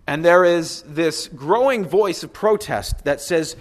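A man preaching a sermon, animated and emphatic, repeating phrases and acting out what others say. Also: on the high side, slow, few pauses. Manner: animated preaching, emphatic repetition, acts out quotes. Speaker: pastor.

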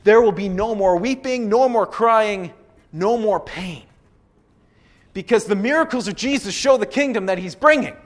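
A man preaching a sermon, animated and emphatic, repeating phrases and acting out what others say. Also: high-pitched, moderate pace. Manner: animated preaching, emphatic repetition, acts out quotes. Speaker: pastor.

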